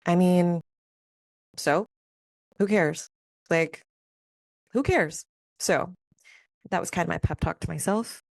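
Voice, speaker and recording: Low-voiced woman hosting a candid spiritual podcast. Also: steady tone, takes it slowly, creaky, long pauses, a little mellow, dry recording. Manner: candid and emotional, many fillers like "like" and "man". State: near tears at times. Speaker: podcast host. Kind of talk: personal spiritual podcast monologue.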